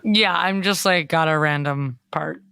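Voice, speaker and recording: Brief: woman in her thirties, bright, quick comic timing, dry close mic. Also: low-pitched, gravelly, clean tone, no echo. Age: 30s. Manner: quick-witted, joking, mock-offended. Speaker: podcast co-host. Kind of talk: casual comedic chat.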